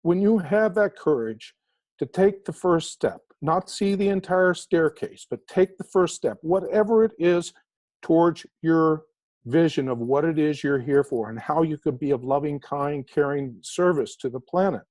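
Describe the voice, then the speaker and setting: This interviewed author, whose voice runs a little high, recounts an inspirational tale animatedly and slows to stress important words. The recording is dry.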